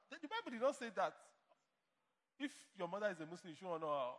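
A man's voice: high-pitched, big pitch swings, fast talker, fairly bright tone, big-room sound. A man preaching a sermon as pastor to a church congregation, emphatic and playing out imagined replies. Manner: emphatic preaching, mock dialogue.

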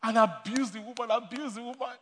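A man's voice: very high-pitched, brisk, a bit bright. A man preaching a sermon, telling stories with frequent laughter and repeating his main points. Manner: storytelling with laughter, repeats key lines. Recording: long hall reverb.

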